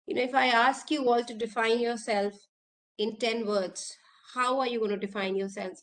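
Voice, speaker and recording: A woman's voice: fairly high pitch, steady tone, moderate pace. A woman, an executive coach giving an online workshop talk, earnest and full of questions to her listeners.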